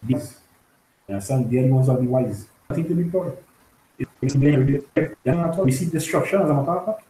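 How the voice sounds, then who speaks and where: A man in a casual religious group discussion, telling a story haltingly with many fillers and frequent check-ins with his listeners. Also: mid-range voice, mellow, echoey room, a little hiss or hum, low-quality recording. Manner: halting storytelling, many fillers, keeps asking "you understand?". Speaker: discussion participant.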